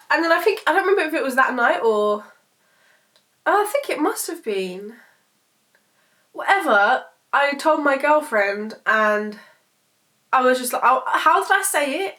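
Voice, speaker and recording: A woman's voice: fairly high pitch, measured pace, bright, forceful tone. A woman, telling a personal story to camera in a rambling, emotional way, swearing freely. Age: 20s. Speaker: vlogger. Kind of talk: casual storytelling vlog.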